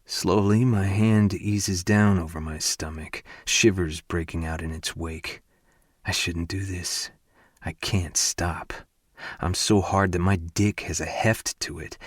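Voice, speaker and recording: A man narrating a first-person romance audiobook in an intimate, hushed and breathy way. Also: sits low, fairly even intonation, unhurried, no echo, studio quality.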